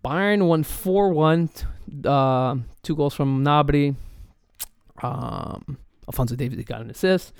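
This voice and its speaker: This male soccer podcast host has a slightly high, clean-toned voice and a slow pace. Alone on the mic, he rants like a fired-up fan, cursing often and stumbling through fillers and restarts. It's a dry, studio-quality recording.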